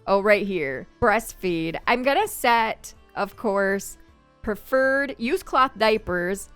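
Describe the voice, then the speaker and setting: A woman's voice: medium pitch, animated, slow, a bit bright, clean tone, faint music behind. A woman giving casual let's-play commentary, chatting to the game characters as she plays. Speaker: gameplay commentator.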